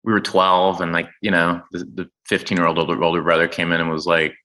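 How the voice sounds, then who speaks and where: Man, low voice, forceful edge, lively storyteller, guest on a talk show. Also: fast talker, poor audio. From Oklahoma, USA. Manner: animated storyteller acting out quoted people. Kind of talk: casual chat.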